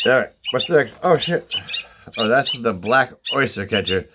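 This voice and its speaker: A man's voice: mid-range voice, animated, unhurried. A man talks through a bird sound book in a loose, profane, mock-serious way, drifting into jokey asides. The recording is noisy, with recorded bird calls playing behind him. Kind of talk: irreverent comedic commentary. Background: bird calls played from a sound book.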